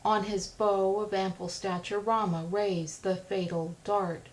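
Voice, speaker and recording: A woman narrating an audiobook, reciting epic verse with a steady rhythm. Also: mid-range voice, unhurried, rough recording. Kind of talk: reading epic verse aloud.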